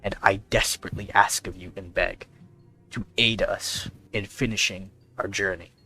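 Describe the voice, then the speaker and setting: Tabletop role-play: a man as an earnest adventurer, bright tone, calm persuasion. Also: medium pitch, soft background music. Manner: earnest, confiding, measured persuasion. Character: earnest young man pleading with a guard.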